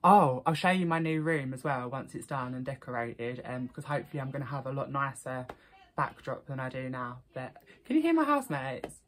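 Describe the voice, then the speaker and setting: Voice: medium pitch, steady tone, brisk, a little hiss or hum. A young adult vlogger with an Essex accent, chatting casually and reading out quiz questions in a shared house. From Essex, England. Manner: chatty, reads quiz items aloud with local slang. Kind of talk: casual accent-tag vlog.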